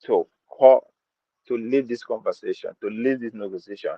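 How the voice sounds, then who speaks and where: A man's voice: fairly low pitch, normal speed, husky, dry recording. Nigerian male podcast host, punchy opinion talk with Pidgin asides, dry muffled recording. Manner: emphatic, mixes in Pidgin, repeats phrases. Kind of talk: opinionated commentary. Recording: dull lo-fi dry sound.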